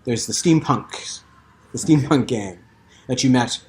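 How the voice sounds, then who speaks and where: A man narrating a tabletop role-playing game as game master, halting and full of fillers as he checks his notes. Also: mid-range voice.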